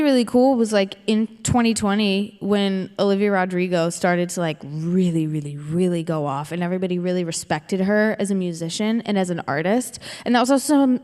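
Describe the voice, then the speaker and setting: Twentysomething woman rambling on stage, says like a lot, mid pitch, big hall echo. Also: a little mellow. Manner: rambling, heavy with filler words. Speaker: singer and actress guest. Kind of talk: onstage conversation. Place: live event stage. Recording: long hall reverb.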